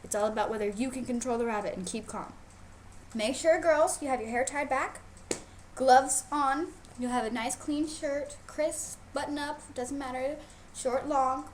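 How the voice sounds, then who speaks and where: A woman's voice: high-pitched, normal speed, slight background noise. A woman instructor teaching youth how to show rabbits, playful and emphatic, repeating her key points. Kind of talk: casual instructional video.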